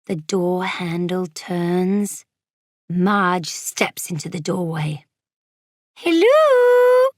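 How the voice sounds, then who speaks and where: A woman narrating a children's storybook as a young girl, lively and dropping into whispers for suspense. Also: fairly low pitch, slow, no echo, studio quality. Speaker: audiobook narrator.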